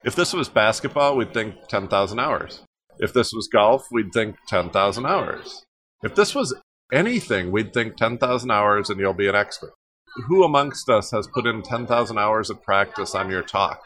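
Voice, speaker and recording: Brief: man podcast guest and speaking coach, lower voice, emphatic, leans on repetition. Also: lively intonation, moderate pace, fairly bright tone, a little hiss or hum. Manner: emphatic, repeats phrases for effect. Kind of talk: podcast interview.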